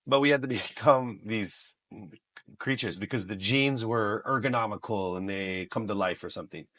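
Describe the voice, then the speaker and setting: Lively low-voiced male podcast guest. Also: moderate pace. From United States. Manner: animated, joking, mixes in Filipino phrases. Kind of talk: casual interview storytelling.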